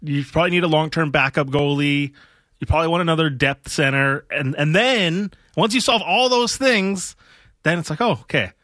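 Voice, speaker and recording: A man's voice: on the high side, moderate pace, no echo, clean studio sound. A man co-hosting a sports talk podcast, riffing casually and cracking jokes. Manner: casual, joking, lively riffs. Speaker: podcast co-host.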